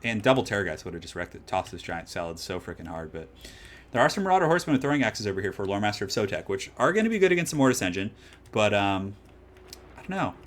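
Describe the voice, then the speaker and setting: Excitable male game streamer commentating. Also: on the low side, quick pace. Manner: excitable, swings from calm analysis to shouting hype. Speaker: streamer casting a tournament match.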